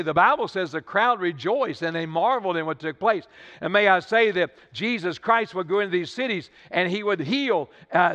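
An older pastor preaches in a church sanctuary with a high, pushed, bright voice, repeating and restarting phrases to build his point in a Southern-style manner with stammered restarts. The livestream audio is dull, with long hall reverb.

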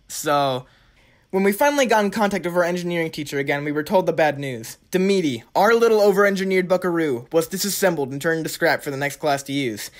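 Young male comedic narrator, brisk delivery, dry sarcasm with mock-epic flourishes. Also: a little high. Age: young adult. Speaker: storyteller.

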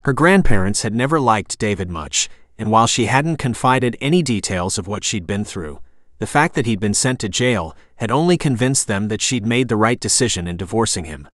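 A man reading a romantic suspense novel aloud as an audiobook narrator, in a steady, even storytelling manner. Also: fairly low pitch, moderate pace, no room sound, studio quality. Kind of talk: scripted narration.

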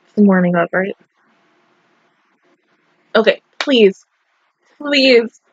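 A woman's voice: medium pitch, animated, slow pace, pauses often, breathy edge, dry recording, muffled recording. A young woman reacting to an anime film, teary and sore-throated from crying, exclaiming, laughing through tears and swearing. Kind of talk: emotional reaction commentary.

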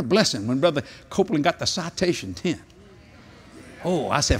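An older man preaching a humorous sermon at a convention, telling jokey stories and breaking into sudden high-pitched exclamations. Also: sing-song, normal speed, long pauses, a bit bright, slight background noise. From New Orleans, Louisiana. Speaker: evangelist. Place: large convention hall.

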